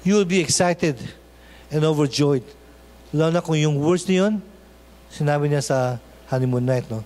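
A man's voice: a little high, normal speed, darkish tone, big-room sound. A man with a Filipino accent preaching a sermon as pastor, often mixing in Tagalog and checking in with "okay?". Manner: switches between English and Tagalog, asks "okay?" often. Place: church.

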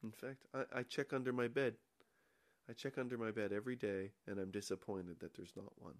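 A man guesting on a podcast in casual chat, rambling into absurd jokes with a deadpan delivery. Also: lowish voice, a little fast.

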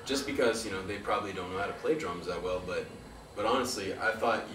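A man's voice: lowish voice, brisk. A man interviewing a band, full of eager, rambling praise. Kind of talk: casual interview. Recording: echoey room from far off, with noise.

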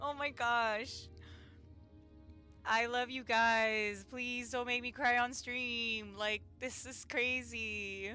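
A woman's voice: fairly high pitch, drawn-out words, long pauses, sharp tone, smooth, faint music behind. A young woman streamer chatting casually with viewers, giggly, flustered and emotional. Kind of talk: casual live-stream chat.

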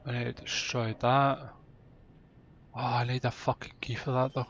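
Dude yelling and cursing while he plays, mid voice, hyped let's-play. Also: mid-range voice, normal speed, muffled recording, a little hiss or hum. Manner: loud, excitable, swears a lot. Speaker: gamer.

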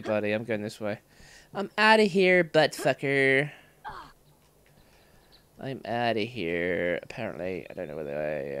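A man's voice: medium pitch, fairly bright tone, clean tone. A man livestreaming gameplay commentary, frustrated and swearing through exasperated outbursts. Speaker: let's play streamer.

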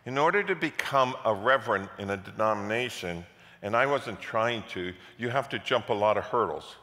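A man preaching as a pastor, telling a story with repeated words and loud passionate peaks. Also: fairly low pitch, animated, normal speed. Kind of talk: sermon storytelling. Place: church sanctuary. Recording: echoey church hall.

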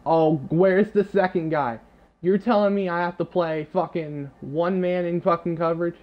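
Swearing, frustrated young gamer ranting. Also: male voice, high voice, steady tone, normal speed, highs cut off. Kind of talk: live gameplay commentary.

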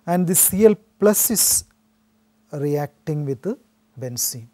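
A man teaching chemistry in a steady, explanatory lecture. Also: on the high side, slow. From India. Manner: steady explanatory delivery with frequent "so" restarts. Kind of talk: recorded classroom lecture.

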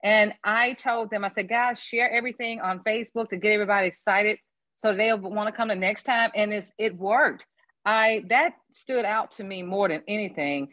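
A woman's voice: mid-range voice, normal speed, a bit bright, dry recording. A woman chatting casually on a video call as a panel guest, gushing and rambling with frequent laughs. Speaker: sales consultant on a panel.

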